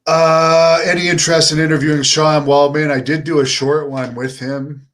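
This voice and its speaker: Low-key middle-aged man chatting. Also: normal speed. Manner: relaxed, low-key and unenthusiastic delivery. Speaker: host answering viewer questions. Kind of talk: casual live-stream chat.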